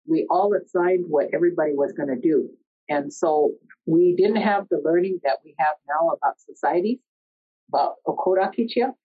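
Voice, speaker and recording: A middle-aged woman telling a personal story in an earnest, conversational way, often pausing mid-sentence. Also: sits low, breathy edge. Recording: dull lo-fi recording.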